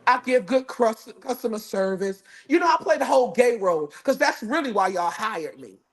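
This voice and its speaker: A man with a notably high voice tells a comic story. He is sassy and profane and talks in an animated way. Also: moderate pace. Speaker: guest telling a story. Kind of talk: comedic storytelling.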